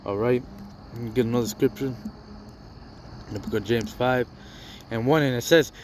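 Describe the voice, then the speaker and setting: A man's voice: mid-range voice, fairly even intonation, normal speed, pauses often, darkish tone, a little hiss or hum. A man giving an informal sermon, reading scripture and commenting in loose street talk, saying "man" and "all right" constantly.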